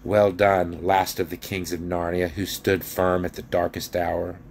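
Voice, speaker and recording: A great wise lion king from a storybook, read aloud by a man. He speaks gravely and tenderly, in measured phrases with a low voice. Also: little pitch movement, darkish tone, slight background noise.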